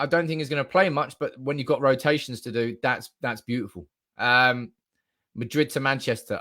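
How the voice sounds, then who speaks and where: A young man hosts a fan live stream from home, talking straight into a desk mic. His chat is loose and excitable, peppered with swearing and sudden shouts of joy, in a mid-range voice. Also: mid-range voice. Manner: animated, swearing, reading comments aloud, bursts of excited shouting.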